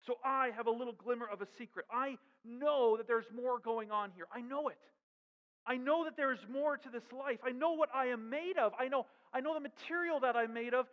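High-voiced pastor preaching in a hall. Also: male voice. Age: adult with young daughters. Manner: emphatic, many rhetorical questions. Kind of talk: sermon. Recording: dull sound with long hall reverb.

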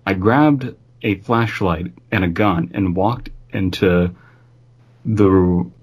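A man's voice: low voice, takes it slowly, breathy edge. A man reading a creepy story aloud in an offhand, amused way, stopping to comment on it.

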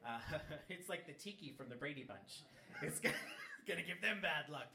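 A man with a bright, ringing tone tells a story in loose, animated chat, cursing often and breaking into laughter. His voice sits a little high for a man. He sounds set back from the mic in an echoey room. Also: moderate pace. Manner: animated, swears freely, laughs mid-story. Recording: roomy sound from a distant mic.

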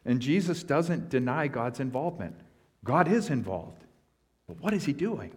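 A man's voice: medium pitch, big pitch swings, moderate pace, breathy edge. Man preaching an earnest sermon. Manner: earnest expository preaching with emphatic swells. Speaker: pastor.

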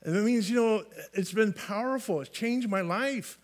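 A man's voice: high voice, moderate pace. A man from California preaching a sermon in a folksy way, often restarting phrases and adding light humor. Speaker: pastor.

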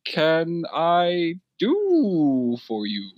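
A man voicing a male turtle bartender in a tuxedo, speaking slowly and courteously. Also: fairly high pitch, wildly swooping pitch, dry recording, highs cut off, voice pushed up, exaggerated voice.

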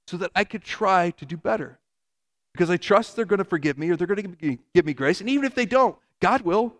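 A man's voice: high voice, expressive, quick pace. A man preaching a sermon as a pastor, earnest and conversational, with casual asides.

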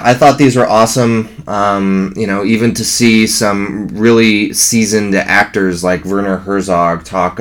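A man chatting casually and enthusiastically, rambling with fillers. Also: low-pitched. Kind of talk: casual fan chat.

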